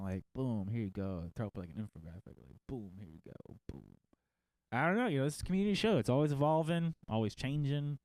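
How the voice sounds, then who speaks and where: A man's voice: medium pitch, a little mellow, clean tone, dry recording. A man hosting a fantasy football show in a casual livestream style, rambling through lists of results with jokey, self-mocking asides.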